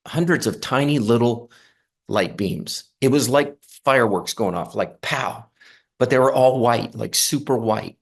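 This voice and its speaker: A middle-aged man telling his story in an earnest, halting way, with many fillers and restarts. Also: lowish voice. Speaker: near-death experience guest. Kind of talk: casual storytelling.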